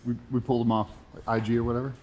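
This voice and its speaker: A man's voice: mid-range voice, flat delivery, racing, darkish tone, a little hiss or hum. A man co-hosting a gym livestream, bantering and giving grip training tips in a bro-ish joking way. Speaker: co-host trainer. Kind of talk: casual banter and exercise tips.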